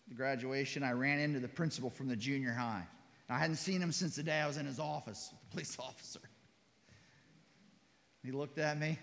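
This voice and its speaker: Middle-aged man, pastor, sermon, heartfelt, loud then hushed, reverberant church hall. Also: mid-range voice.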